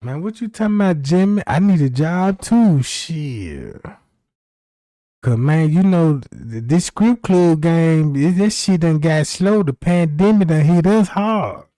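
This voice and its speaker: His voice fairly high, very animated and warm, the host moves at a measured pace through loose, profane storytelling on his livestream. He often turns to listeners asking "you know what I'm talking about." It's a dry, clean studio recording.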